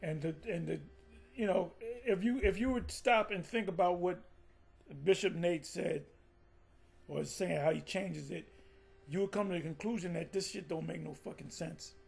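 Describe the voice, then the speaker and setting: A man's voice: high-pitched, normal speed, gravelly, slightly rough. A man giving heated, profane, mocking commentary on a religious group, rambling with restarts.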